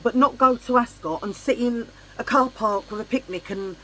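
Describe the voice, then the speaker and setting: A woman's voice: on the high side, moderate pace, few pauses, a little hiss or hum, rough recording. Chatty, blunt woman vlogger. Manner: chatty, animated and blunt, swears freely, acts out voices in her anecdotes. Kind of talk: casual storytelling chit chat.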